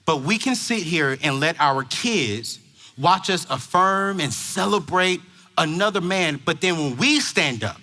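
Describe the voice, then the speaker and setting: A man giving an emphatic, preachy stage talk to parents at a large conference, shouting at the high points. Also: lively intonation, a little slow. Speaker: motivational speaker. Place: large conference hall before a crowd.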